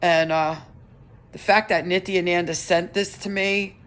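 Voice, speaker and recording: Middle-aged woman, slightly low voice, vlogging an earnest personal update with halting restarts. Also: fairly even intonation, a bit bright.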